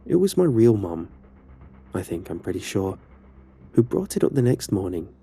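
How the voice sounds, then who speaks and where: Low, dark-voiced male horror narrator. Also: very animated, moderate pace, slightly rough, soft background music. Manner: casual, conversational storytelling.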